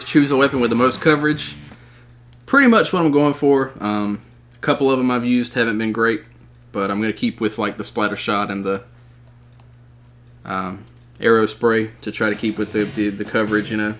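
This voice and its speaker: A man streaming live gameplay, excitedly calling out plays and reading chat messages aloud. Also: on the low side, moderate pace, faint music behind. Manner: excitable, shouting out game callouts. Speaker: gaming streamer.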